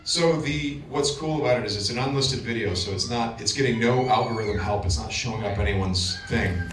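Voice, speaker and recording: A man's voice: medium pitch, a little fast. Man telling a story on a panel. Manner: animated storytelling with many restarts. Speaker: panel guest. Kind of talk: casual panel talk. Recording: echoey, distant mic with room noise.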